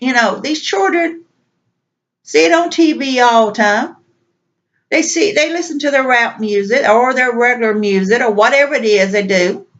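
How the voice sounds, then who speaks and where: A woman vlogger venting in an exasperated, repetitive rant. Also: on the high side. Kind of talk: venting monologue. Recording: dull lo-fi recording.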